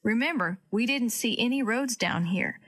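Storybook grandpa, patient and steady, unhurried; a woman reads him. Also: on the high side, slightly rough. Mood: calm. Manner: slow, steady, reassuring. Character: patient, calm old grandfather, injured.

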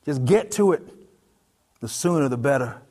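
A man's voice: mid-range voice, expressive, moderate pace, darkish tone, natural voice. A man voicing a weary, wary drifter of the road who speaks in a terse, sardonic way. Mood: impatient.

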